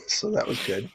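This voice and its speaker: A man's voice: fairly bright tone, no echo. A man co-hosting a casual political podcast, running through numbers from notes with frequent fillers and chuckles. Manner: laughs often, fillers, reads figures from notes. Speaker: podcast co-host. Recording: dry, dull lo-fi sound.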